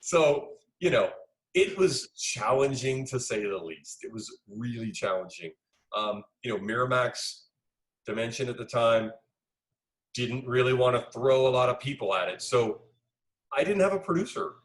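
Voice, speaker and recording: A middle-aged man, a film director being interviewed, telling lively anecdotes and acting out the dialogue he quotes. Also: medium pitch, normal speed, poor audio. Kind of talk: casual interview storytelling.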